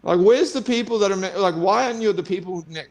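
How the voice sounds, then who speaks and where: A man's voice: high-pitched, fast. An Australian man co-hosting a fight podcast, ranting heatedly and swearing often. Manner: heated profane rant. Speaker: co-host and fighter. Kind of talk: casual podcast chat.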